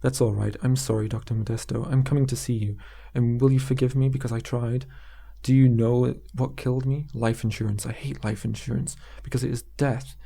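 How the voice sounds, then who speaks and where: A man's voice: medium pitch, level tone, fairly quick, vocal fry, mellow. A man voicing a desperate young male insurance salesman who is breaking down, frantic and pleading. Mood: rambling.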